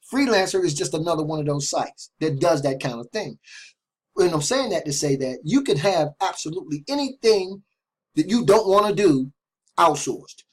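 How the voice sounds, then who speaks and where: A middle-aged man with a fairly high, husky voice talks straight to his viewers in a loose, chatty sales pitch. He repeats his points, keeps tossing in "right?", and trips over restarts as he goes. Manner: restarts and stumbles over words. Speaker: online marketing vlogger. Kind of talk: casual direct-to-camera sales talk.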